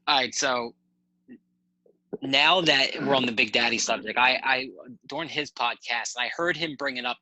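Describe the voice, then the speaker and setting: A man's voice: medium pitch, normal speed, sharp tone, a little hiss or hum, rough recording. A man telling stories as a podcast guest in a rambling, laid-back way, swearing casually. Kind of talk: casual storytelling chat.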